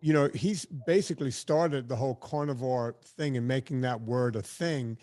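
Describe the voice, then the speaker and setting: A man's voice: mid-range voice, normal speed, mellow. Blunt, chatty male filmmaker guest. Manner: chatty, blunt, swears casually. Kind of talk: casual storytelling interview.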